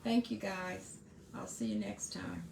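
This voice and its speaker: A woman's voice: lowish voice, huge pitch swings, a little slow, vocal fry, background noise. Chatty woman in an echoey room. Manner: chatty, earnest, restarts and asides. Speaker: podcast host. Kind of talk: casual advice monologue.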